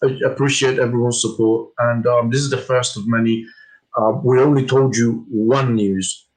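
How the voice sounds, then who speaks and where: A man co-hosting a casual fan discussion, speaking in a measured and mildly frustrated way. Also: mid-range voice, fairly even intonation, low-quality recording. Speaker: co-host.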